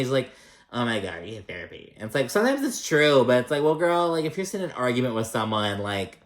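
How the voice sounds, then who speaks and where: A man talks through a reality show episode in a loose, gossipy way. He swears freely and drops into mock voices for the people he quotes. His pitch sits in the middle, and the room around him is noticeably echoey. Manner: chatty and profane, acts out quotes in mock voices. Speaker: reality TV recap host. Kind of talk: casual recap chat.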